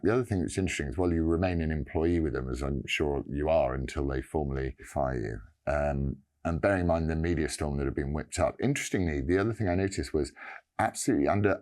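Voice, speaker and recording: A man giving an earnest personal statement, halting and pausing often. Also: rumbling low, a little mellow. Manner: halting, earnest, many pauses and restarts.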